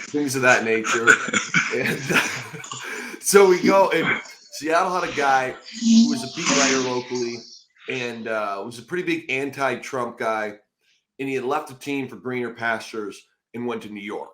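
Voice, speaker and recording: A man in his thirties hosting a podcast, telling stories in a casual, animated way and bursting into shouted quotes. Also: medium pitch. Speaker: podcast host, former football player. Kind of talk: casual storytelling chat.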